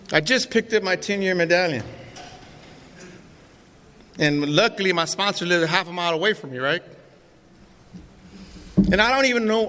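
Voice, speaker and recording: A middle-aged man's high, bright voice carries a forceful tone as he addresses a recovery meeting with his personal story. The telling is raw, profane, and streetwise. Faint room noise and reverberation fill the meeting hall.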